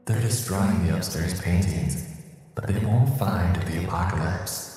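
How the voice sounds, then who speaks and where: Man doing a hushed ghost girl from a haunted painting, deep voice drowned in distant echoing hall reverb, for a horror story. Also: measured pace, faint music behind. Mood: urgent.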